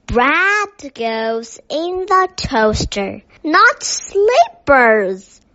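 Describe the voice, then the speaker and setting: A woman voicing a big, bossy Mrs Christmas who yells and scolds, in a dull lo-fi recording. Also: very high-pitched, very animated, very slow, heavily acted. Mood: scolding. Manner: yelling and scolding.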